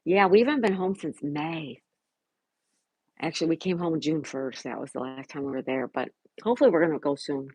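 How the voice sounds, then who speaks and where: Woman, middle-aged, live-stream host, chatty and affectionate, dry close sound, husky tone. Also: sits low, fairly quick, darkish tone, dry recording, poor audio. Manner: chatty, greets viewers by name, affectionate. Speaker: livestream host reading chat. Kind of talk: casual live-stream chat.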